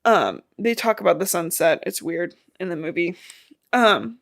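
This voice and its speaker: A woman's voice: fairly low pitch, expressive, moderate pace, gravelly. Young woman co-host with a slight lisp; loose, rambling recap delivery with casual swearing. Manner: rambling, swears casually, acts out quoted lines. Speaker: podcast co-host. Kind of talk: casual book recap chat.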